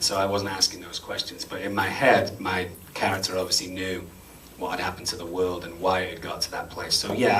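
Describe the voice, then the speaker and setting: A very deep-voiced man in his thirties answers audience questions after a screening, chatty and self-deprecating. His tone is bright and forceful. He is caught on a distant mic in a cinema, with a faint hum underneath. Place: cinema auditorium before an audience.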